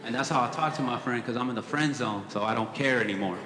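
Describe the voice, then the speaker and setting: A man's voice: medium pitch, quick pace, a crowd in the background. A young man performing a stand-up comedy set, telling stories in a casual, profane way with dry asides. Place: comedy club stage before a live audience. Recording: echoey hall with audience laughter.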